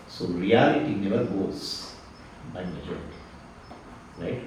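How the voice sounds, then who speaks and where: A man teaches a spiritual lecture to a hall audience, asking questions and answering them himself. His fairly high voice swings up and down with lively energy. The recording is very echoey, he stands away from the mic, and a faint hiss sits underneath. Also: unhurried, long pauses, distant mic. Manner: animated, rhetorical questions, repeats phrases. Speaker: Vedanta teacher.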